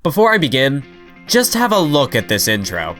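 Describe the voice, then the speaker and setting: A man's voice: medium pitch, huge pitch swings, normal speed, a bit bright, soft background music. A young man reading a scripted video review voice-over, analytical and now and then enthusiastic.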